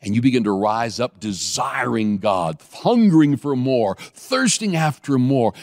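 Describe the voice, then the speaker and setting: Animated male preacher with a lively voice. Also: a little slow, few pauses, no room sound, clean studio sound. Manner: animated storytelling, acts out scenes with sudden high bursts. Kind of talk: sermon.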